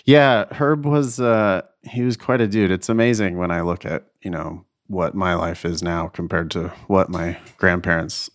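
A young man with a very low voice chats easily on a podcast. He talks in a relaxed, thoughtful way and laughs often as he goes. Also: normal speed, hardly any pauses. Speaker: podcast co-host, LSAT tutor. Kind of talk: casual chat.

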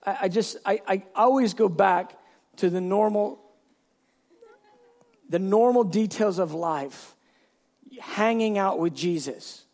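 A man pastor preaching a sermon in an animated storytelling way, bursting into shouts. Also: high-pitched, takes it slowly, long pauses.

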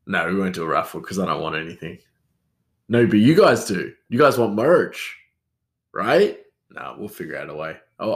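A man, hosting a solo podcast in a rambling, self-mocking chat that answers itself. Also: sits low. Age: 30s. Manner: rambling, self-mocking, talks back to himself. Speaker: podcast host.

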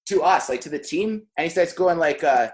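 A man's voice: fairly high pitch, expressive, normal speed. Rambling young man telling a story. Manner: rambling, heavy on "like", laughs mid-story. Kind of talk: casual storytelling chat.

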